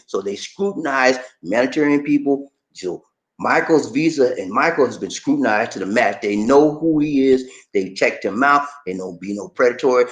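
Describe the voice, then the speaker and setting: A man hosting a casual livestream, reading viewer comments aloud and reacting to them in a lively, talkative way. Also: mid-range voice. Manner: animated, shouts catchphrases, reads comments aloud and reacts.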